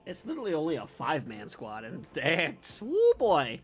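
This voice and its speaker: A man co-hosting a casual podcast, who is laid-back and joking and drops in quick plugs for the channel. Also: fairly high pitch, very animated, fairly bright tone, breathy edge. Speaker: co-host.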